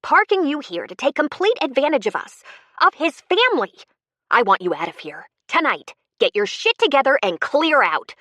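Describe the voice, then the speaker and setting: Brief: furious adult woman in an audiobook, demanding and sharp, voiced by the female narrator. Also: fairly high pitch, animated, normal speed, no echo, voice pushed up. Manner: angry, demanding, rising to panicked shouts. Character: furious adult woman confronting a con man.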